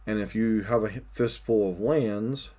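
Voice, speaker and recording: A man's voice: lowish voice, a little slow, warm tone. A man giving casual, dry, resigned commentary while playing a card game online.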